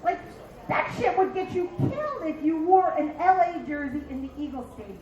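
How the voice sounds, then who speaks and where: Brash, high-voiced woman in her fifties. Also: big pitch swings, normal speed, a little mellow, dull audio, a little hiss or hum. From Philadelphia. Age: 50s. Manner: brash, profane, punchy delivery with acted-out asides. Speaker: stand-up comedian. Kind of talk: stand-up comedy set. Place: dive bar stage. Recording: echoey bar room.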